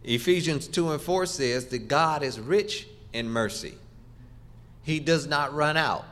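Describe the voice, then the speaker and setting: A man's voice: fairly high pitch, a little slow, fairly bright tone. A middle-aged man preaching a sermon, emphatic and rhythmic, leaning on repeated phrases and rising for stress.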